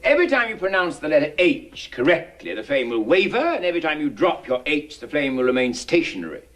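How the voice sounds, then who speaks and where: Bossy speech professor, crisp fussy diction, voice swoops up and down a lot. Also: male voice, on the high side, big pitch swings, fast talker, a bit bright. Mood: exacting. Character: exacting, impatient male phonetics professor. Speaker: speech tutor drilling a pupil. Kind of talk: 1960s musical film acting.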